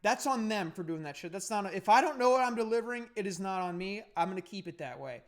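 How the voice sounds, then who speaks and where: A man's voice: high voice, animated, fast. A man hosting a podcast, telling a story in casual, profane, heated rambling. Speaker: podcast host.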